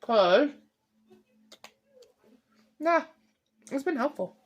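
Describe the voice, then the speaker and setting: A woman's voice: sits high, lively intonation, extremely slow, highs cut off, slight background noise. A woman in her thirties doing a casual tarot reading, chatty and rambling, often laughing. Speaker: tarot reader.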